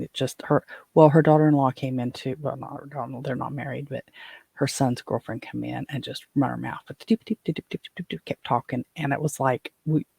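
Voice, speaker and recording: A man's voice: medium pitch, vocal fry, a little mellow, slightly rough, no echo. An older man hosting his own show, telling a personal story in a rambling way, with frequent restarts and fillers. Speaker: podcast host.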